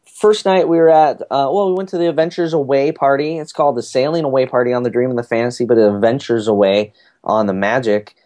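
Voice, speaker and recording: A man's voice: mid-range voice, fairly even intonation, brisk, warm tone. A man, chatting casually and rambling through a family story with many fillers. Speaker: podcast guest recounting a family cruise. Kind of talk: casual chat.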